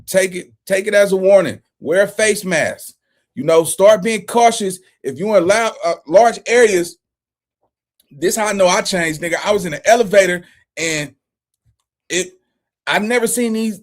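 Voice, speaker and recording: A man in his forties hosting a casual reaction commentary, profane and laughing often. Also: high voice. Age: 40s. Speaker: commentary channel host.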